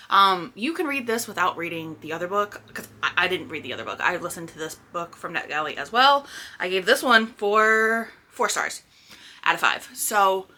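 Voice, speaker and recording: A woman's voice: medium pitch, bright, forceful tone. A young woman chatting casually about books she read, scattered and full of restarts and fillers. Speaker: book vlogger. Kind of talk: casual chat. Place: indoors at home by a sunny spot.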